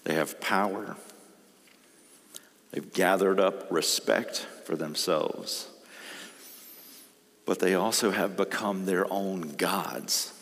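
A man's voice: low voice, slow, long pauses, a bit bright. A man preaching a sermon, reading scripture aloud and pressing his points with rising emphasis. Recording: reverberant hall.

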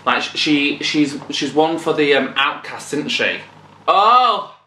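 A man hosting a casual album reaction, excitable and swearing, now and then singing along. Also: a little high, unhurried, slight background noise. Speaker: music reaction channel host. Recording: echoey room with loud music behind. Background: music playing.

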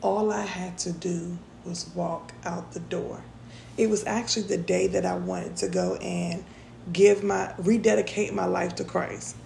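A young woman tells a personal story on her podcast in a loose, chatty way, calling her listeners y'all. Her voice is heavily gravelly and mellow. The room echoes, with faint ambience behind her. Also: on the low side, lively intonation, a little slow, slight background noise. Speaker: podcast host. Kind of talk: casual storytelling.

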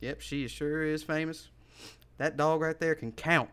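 Man imitating a beaming, loud, chatty stranger, high and bright; quick comic impression. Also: fairly even intonation, clean tone. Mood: cheery. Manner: effusive, religious, calls everyone brother. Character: cheery, friendly stranger man proud of his dog.

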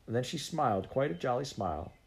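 A man narrating a storybook aloud in a steady, measured reading voice. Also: medium pitch, gravelly. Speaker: audiobook reader.

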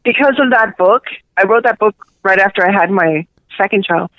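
A woman with a Cuban-New York accent, a guest author, telling a rambling, animated story in a casual interview. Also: medium pitch, normal speed, no room sound. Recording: tinny phone line.

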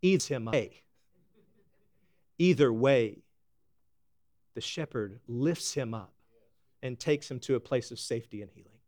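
A man preaching a sermon, folksy and animated, swinging from loud exclamations to hushed emphasis. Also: mid-range voice, unhurried, long pauses, dry recording. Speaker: pastor.

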